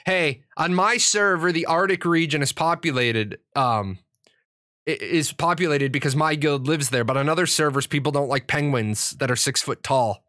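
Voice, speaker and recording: Middle-aged guy for a casual gaming stream: bright, forceful voice pitched a touch high, rambling and cussing. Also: moderate pace. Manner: rambling and profane, with frequent restarts. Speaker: streamer and gaming network owner. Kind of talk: casual livestream chat.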